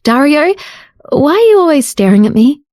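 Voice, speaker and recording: A shy, affectionate young woman speaks in a raised, earnest voice, as a woman narrator puts her on. Her tone is warm and mellow. The recording is close and dry, with no room sound. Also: very animated, normal speed, dry recording. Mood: flustered. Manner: pitched up, earnest and emotional. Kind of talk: audiobook character voice.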